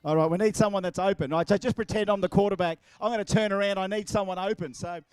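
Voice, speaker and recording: High-voiced joking Australian MC. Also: male voice, steady tone, fast talker, a little mellow, smooth, no echo. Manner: jokey, playful, teasing. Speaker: event MC. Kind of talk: crowd banter at a live event. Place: outdoor drag racing track.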